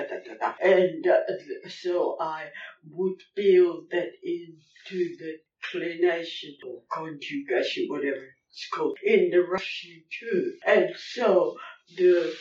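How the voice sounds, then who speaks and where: A woman's voice: low-pitched, darkish tone, a little hiss or hum. Older woman, rambling. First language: German. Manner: rambling, halting, many fillers. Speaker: interviewee. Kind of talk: reminiscing interview. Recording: roomy, distant, dull lo-fi recording.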